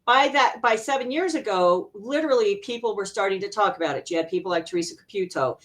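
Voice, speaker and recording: A middle-aged woman from Arizona, an intuitive healer guesting on an interview show, telling a personal story in an animated way, laughing often and acting out remembered voices. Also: mid-range voice, fast talker. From Arizona, USA.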